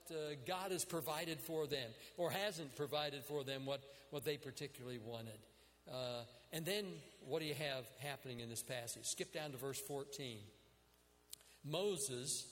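A man's voice: fairly high pitch, a bit bright, in a large hall. A man preaching a sermon, retelling scripture stories in an earnest way and acting out the quoted prayers with drama. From United States.

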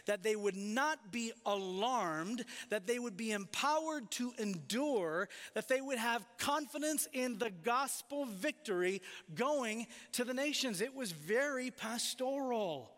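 High-voiced preacher in a reverberant hall. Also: male voice, fairly bright tone. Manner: emphatic preaching with slowed, stressed phrases. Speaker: pastor. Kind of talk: sermon. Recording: long reverb of a large hall.

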